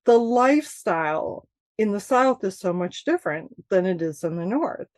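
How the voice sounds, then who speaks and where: Woman from Michigan, author guest, animated storyteller with frequent laughs; dry, close podcast sound. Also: medium pitch, moderate pace, dry recording. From Michigan, USA. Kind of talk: casual interview chat.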